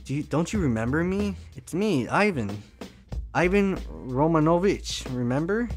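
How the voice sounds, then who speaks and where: A man's voice: on the high side, lively intonation, moderate pace, soft background music, pitched above the performer's own voice, close to an everyday voice. A man voicing an earnest young male resistance leader who speaks solemnly. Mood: pleading.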